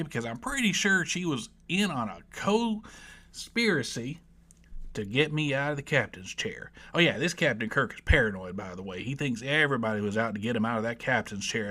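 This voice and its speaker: Folksy Southern man, bright voice. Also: mid-range voice, expressive, normal speed. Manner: rambling, irreverent, folksy. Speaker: book reviewer. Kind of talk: comedic storytelling.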